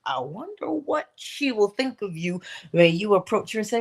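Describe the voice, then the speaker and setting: A woman's voice: on the high side, animated, normal speed. A woman hosting a morning motivational talk, asking her listeners rhetorical questions and acting out what people say. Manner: asks rhetorical questions and acts out quoted voices; drops to a whisper at times. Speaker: host of a morning inspiration stream.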